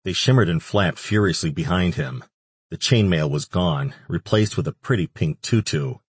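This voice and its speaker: A man narrating an audiobook in a measured, even reading. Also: deep voice, breathy edge, dry recording. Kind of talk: scripted narration.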